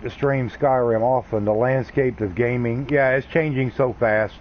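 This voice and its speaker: A man with a mid-range voice and fairly even intonation chats casually at normal speed while livestreaming a game. He rambles in a laid-back, folksy way, and the slightly dull lo-fi stream audio carries a little hiss or hum.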